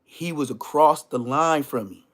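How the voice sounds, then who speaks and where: A man from Inglewood, telling a slang-heavy story in a casual, animated rant. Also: on the high side, measured pace. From Inglewood, Los Angeles. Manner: animated, slang-heavy, bursts into loud exclamations.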